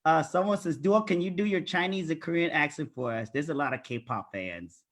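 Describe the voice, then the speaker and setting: Playful male host on a video call, high husky voice. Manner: playful, quick to mimic voices. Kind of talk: casual video call interview.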